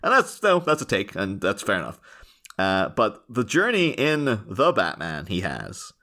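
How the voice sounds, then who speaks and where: Male podcast host, lowish voice, eager rambling film chat. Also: wildly swooping pitch, unhurried, sharp tone. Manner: enthusiastic, rambling, many restarts. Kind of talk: casual chat, film discussion.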